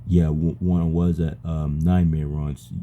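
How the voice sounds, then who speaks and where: A man talking casually to an AI chat companion, halting and stammering, often repeating his words. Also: extremely low pitch, flat delivery, warm tone, highs cut off. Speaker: user chatting with an AI.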